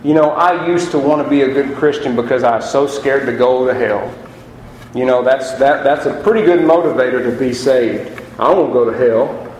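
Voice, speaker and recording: A man preaching a sermon as pastor, chatty and lively, asking the congregation rhetorical questions. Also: medium pitch, normal speed, a little hiss or hum. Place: church sanctuary. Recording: echoey hall.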